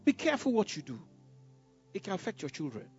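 Male pastor, animated storytelling sermon, husky high voice, dull lo-fi recording. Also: fast. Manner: animated storytelling preacher, full of "you know" asides, stammers. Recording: dull lo-fi sound with faint music.

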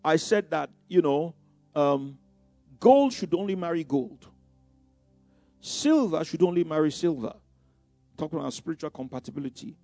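A man's voice: a little high, expressive, normal speed, long pauses, mellow, no room sound, faint music behind. A middle-aged man preaching a sermon in a conversational way, with many asides and repeated phrases.

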